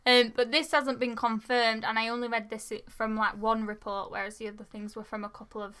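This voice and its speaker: A woman's voice: fairly high pitch, little pitch movement, brisk, bright, forceful tone, clean tone. A woman co-hosting a podcast, reading out case details in a casual way and laughing often. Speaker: podcast co-host. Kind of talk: casual true-crime chat.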